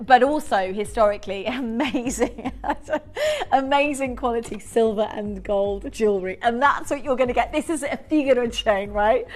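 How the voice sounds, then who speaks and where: A woman presenting on a live shopping channel, chatty and excitable, laughing often and reading out buyers' names. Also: a little high. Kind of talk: live TV sales pitch.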